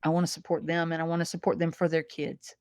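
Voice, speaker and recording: A woman's voice: low-pitched, monotone, fast talker, darkish tone, no echo, studio quality. A woman speaking as a podcast guest, earnest and emotional, often repeating words. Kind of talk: heartfelt interview conversation.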